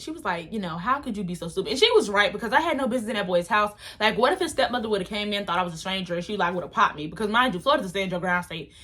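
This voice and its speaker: Animated young woman telling a story. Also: mid-range voice. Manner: animated, dramatic, slangy. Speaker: vlogger. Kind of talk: storytime vlog.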